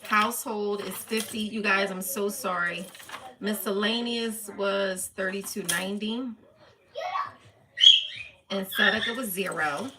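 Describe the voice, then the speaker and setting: A woman hosts a casual livestream, walking viewers step by step through her monthly spending figures as she reads them out. Her voice is mid-range and steady, a little slow, with a noisy background.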